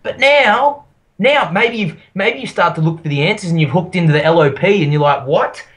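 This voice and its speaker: A man's voice: high-pitched, brisk, fairly bright tone. A man co-hosting a podcast, playful and jokey in casual chat. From Australia. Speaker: podcast co-host.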